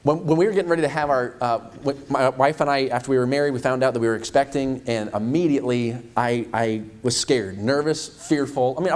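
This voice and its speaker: A young man preaching as an evangelist, telling a personal story in a conversational, self-deprecating way, rushing some phrases and slowing for emphasis. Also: medium pitch, darkish tone. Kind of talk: sermon.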